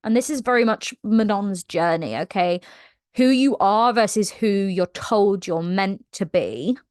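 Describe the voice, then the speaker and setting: A woman's voice: medium pitch, unhurried, darkish tone, clean tone, dry recording, studio quality. A young woman chatting animatedly about a book, slangy and acting out quotes. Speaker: book vlogger. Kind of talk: casual book discussion.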